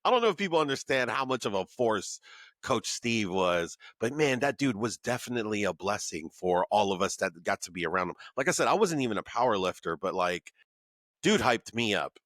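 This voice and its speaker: A man with a low voice hosts a remote podcast chat. He sounds keen and casual, dropping "like" and "man" throughout. The track is dry, with no room sound. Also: sing-song, a little fast, a bit bright, no echo. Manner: enthusiastic, says "like" and "man" often. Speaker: podcast host. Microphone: remote recording.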